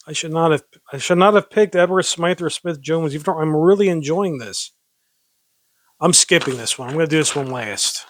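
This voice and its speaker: A man's voice: fairly high pitch, normal speed, no echo. Self-mocking man reading old poems. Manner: self-mocking, giggly, rambling asides. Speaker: amateur poetry reader. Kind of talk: casual poetry reading with asides.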